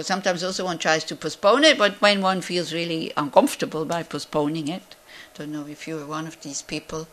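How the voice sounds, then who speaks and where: Woman teaching a Buddhist class. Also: deep voice. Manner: conversational, rhetorical questions, many fillers.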